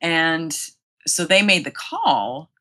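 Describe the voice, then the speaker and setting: Middle-aged woman guest, low and bright, animated casual storytelling. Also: slow. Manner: chatty, animated, quotes people in raised voices. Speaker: podcast guest.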